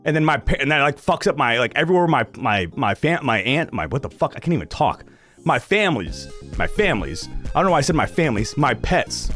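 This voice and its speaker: Young man, streamer, casual chat, ranting, swearing, lively pitch swings, faint background music. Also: brisk. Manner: animated, ranting, swears freely.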